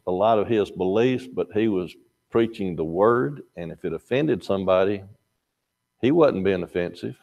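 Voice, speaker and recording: A man's voice: fairly low pitch, gravelly, darkish tone, muffled recording. An older man teaching a Sunday morning Bible class in a folksy, conversational way. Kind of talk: Sunday school lesson.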